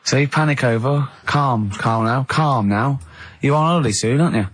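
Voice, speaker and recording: English male radio host, teasing studio banter, mid pitch. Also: normal speed, background noise. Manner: teasing, bursts into high giggling exclamations.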